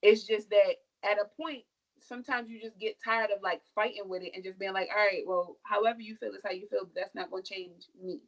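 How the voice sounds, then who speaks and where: A young woman speaking emphatically and forcefully as a podcast guest, building each point with passion and sass. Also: mid-range voice, steady tone, brisk, lo-fi sound. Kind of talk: impassioned podcast discussion.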